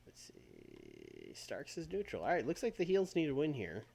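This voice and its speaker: A man live-streaming a wrestling booking game who talks through every decision in loose, rambling chat. His pitch swings widely, and he curses casually as he goes. Soft music plays faintly behind him. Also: huge pitch swings, moderate pace, creaky, slightly rough. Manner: thinks aloud, swears casually, trails off and restarts. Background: faint background music.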